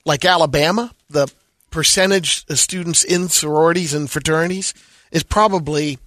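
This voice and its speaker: A man co-hosting a radio talk show, chiming in with quick remarks and asides. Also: on the high side, fairly bright tone, no echo, clean studio sound. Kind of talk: casual comedic banter.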